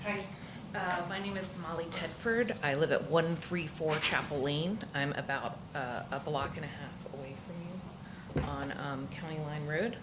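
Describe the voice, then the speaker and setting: A woman from Florida speaking during public comment at a village council meeting. She sounds emotional and halting, with many restarts. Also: low-pitched, very noisy.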